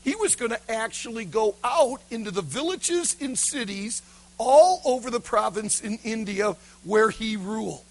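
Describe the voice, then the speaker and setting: A preacher man telling a story from the pulpit with a high, wildly lively voice. He swings from loud shouts down to hushed near whispers, with a gravelly, husky grain. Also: measured pace, poor audio. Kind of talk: sermon storytelling.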